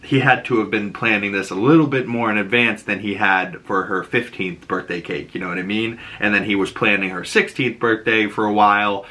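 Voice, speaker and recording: Bright-voiced Boston recap host. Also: male voice, fairly low pitch, brisk, few pauses. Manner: animated, lots of "you know". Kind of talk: casual recap.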